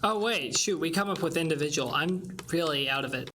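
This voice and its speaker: A man's voice: a little high, lively intonation, brisk, pushed and bright, slight background noise. A man chatting on an online voice call before an improv game, offhand and wry. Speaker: improv player. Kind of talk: casual chat on a voice call. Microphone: online voice chat mic.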